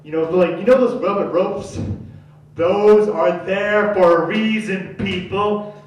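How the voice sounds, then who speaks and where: A man's voice: high-pitched, fairly even intonation, slow, a little hiss or hum. Young man telling a rambling story. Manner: rambling, slangy, acts out characters loudly. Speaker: stand-up comedian. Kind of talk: stand-up storytelling. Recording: echoey room from far off.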